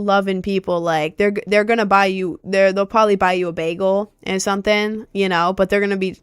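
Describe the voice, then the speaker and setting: Chatty young woman, smooth dry voice. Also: mid-range voice, no echo. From Maryland, USA. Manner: rambling, heavy filler "like". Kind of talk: casual chat to camera.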